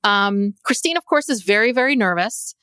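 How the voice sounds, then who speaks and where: A woman's voice: mid-range voice, lively intonation, moderate pace, pushed and bright, smooth, dry recording. Chatty woman podcast co-host recapping. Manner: chatty storytelling with fillers. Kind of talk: casual recap chat.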